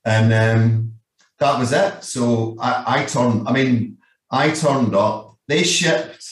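A man's voice: mid-range voice, takes it slowly. A Scottish man in his fifties, a guest telling long rambling anecdotes, swearing freely and leaning on "you know what I mean". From Scotland. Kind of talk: casual storytelling. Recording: echoey room, distant mic.

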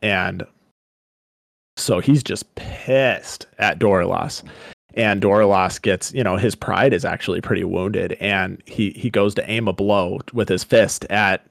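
A young man from Colorado, co-hosting a podcast, casually retelling a story and paraphrasing the characters in quick asides. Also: sits low, creaky, no room sound, clean studio sound. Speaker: podcast co-host.

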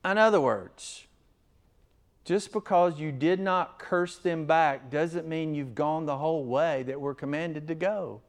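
Male pastor; measured, deliberate sermon delivery, emphatic peaks and hushed asides, voice sits a touch high. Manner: earnest, emphatic, swings between loud stresses and quiet asides. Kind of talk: expository sermon.

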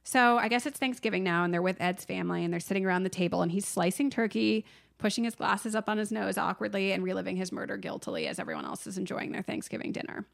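Woman podcast co-host with a gravelly edge who tells the plot with animated energy and acts out the quotes. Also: mid-range voice, fast. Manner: animated storytelling, acts out the film's lines. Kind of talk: casual movie recap chat.

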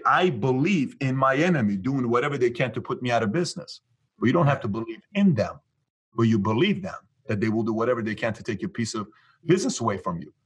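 A man's voice: mid-range voice, slightly rough. A man from Iran, a guest in an interview, telling stories and acting out both sides of past conversations. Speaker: guest, business leader. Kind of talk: storytelling in an interview.

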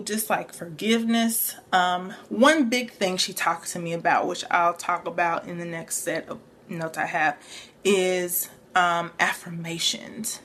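Young woman, earnest vlog testimony, lowish voice, faint room hiss. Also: fairly bright tone. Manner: earnest, reflective, filler-heavy. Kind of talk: personal testimony.

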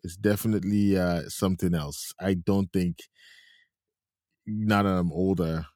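A man's voice: low-pitched, fairly even intonation, measured pace, darkish tone, no room sound, clean studio sound. A man co-hosting a movie review podcast in casual chat, chatty, laughing often and restarting his sentences. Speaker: podcast co-host.

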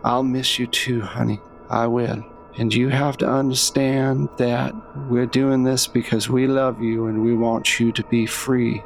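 A man voicing an affectionate, weary husband who speaks tenderly and reassuringly in a gravelly voice. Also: mid-range voice, level tone, unhurried, slight background noise.

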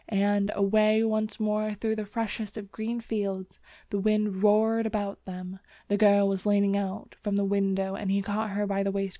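A woman narrating a classic story as an audiobook, in steady, even storytelling. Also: mid-range voice, no echo. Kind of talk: scripted narration.

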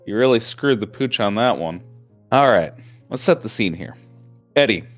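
A man with a lowish voice narrating a tabletop game as game master. He wanders through his lines with plenty of fillers and corrects himself as he goes. Soft music plays underneath. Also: lively intonation, normal speed. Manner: rambling with fillers and self-corrections.

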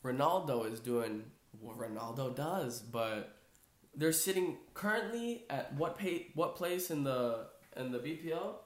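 A man's voice: medium pitch, animated, measured pace. Rambling casual man in echoey room. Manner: loose, rambling, filler-heavy, says "bro" and "like" a lot. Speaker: podcast host. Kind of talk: casual sports chat.

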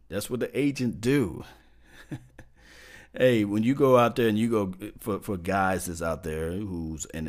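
A man hosting a sports talk show, arguing his points with emphatic rhetorical questions and everyday comparisons. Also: lowish voice. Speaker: podcast host.

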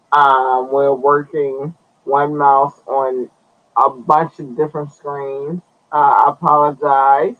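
A man's voice: mid-range voice, phone-quality sound. A man hosting a podcast, chatting loosely to his viewers, cursing and drawing out his words. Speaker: podcast host. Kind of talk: casual live-stream news commentary.

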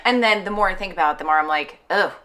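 Young adult woman host with a bright voice; animated, profane storyteller in casual conversation. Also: on the low side, rapid-fire. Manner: animated storytelling, swears freely. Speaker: podcast host. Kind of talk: casual chat.

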